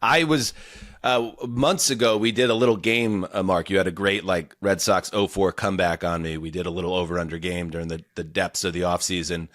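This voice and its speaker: A man's voice: low-pitched, steady tone, fairly quick, fairly bright tone, no echo, studio quality. A man hosting a casual sports podcast, rambling and enthusiastic, often restarting his sentences. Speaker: podcast host.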